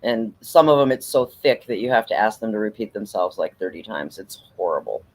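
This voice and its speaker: A man's voice: lowish voice, lively intonation, fairly quick. A man from Minnesota with a Minnesotan accent, chatting casually and swearing freely, with frequent laughs. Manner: profane, laughing storyteller. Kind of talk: casual chat. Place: living in the US South.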